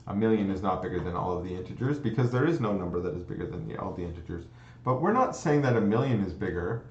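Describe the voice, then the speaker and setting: A man with a low voice delivers a recorded computer science lecture. He thinks aloud, repeats words as he restarts, and checks in with the class. The sound is muffled and echoes around the room. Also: lively intonation, quick pace, a little hiss or hum. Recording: dull, roomy lecture recording.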